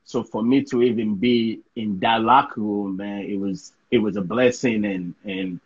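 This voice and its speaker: A man from Sierra Leone telling a story in a casual interview, lively and full of repeated words and "right?" tags. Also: lowish voice, a little slow, gravelly, slightly rough, muffled recording. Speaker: interview guest, pro soccer player.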